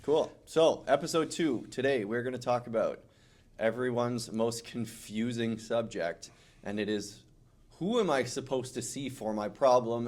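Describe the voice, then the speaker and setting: A man's voice: medium pitch, darkish tone. A man, a chiropractor co-hosting a casual podcast chat.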